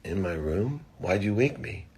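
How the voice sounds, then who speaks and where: A man voicing his sleepy, apologetic teenage daughter quietly within a spoken story. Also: low voice, animated, measured pace, breathy edge, heavily acted. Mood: sleepy, soft.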